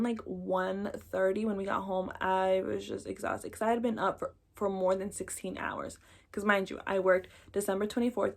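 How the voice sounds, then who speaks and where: Young woman, vlogger, casual rambling chat to camera, mid-pitched, filler-heavy. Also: vocal fry. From Mexico. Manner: chatty, rambling, lots of fillers like "like" and "um".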